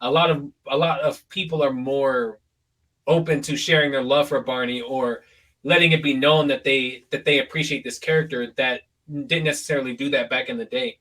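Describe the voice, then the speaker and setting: A young man hosting a podcast, talking in a relaxed, rambling way full of fillers. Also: medium pitch, normal speed. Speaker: podcast host. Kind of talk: casual podcast chat. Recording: voice a little far from the mic.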